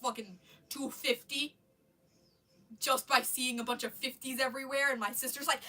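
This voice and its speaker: A woman's voice: sits high, steady tone, a little fast, distant mic, background noise. A woman with a stuffy nose on a casual live stream, rambling about her day and swearing, with lots of restarts, sitting in her bedroom.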